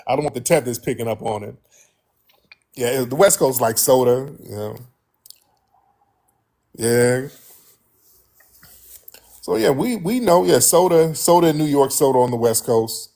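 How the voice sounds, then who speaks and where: A man hosting a show, talking straight to his listeners in a blunt, animated way and often repeating himself. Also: mid-range voice, a little slow, creaky, long pauses. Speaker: host. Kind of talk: casual monologue to listeners.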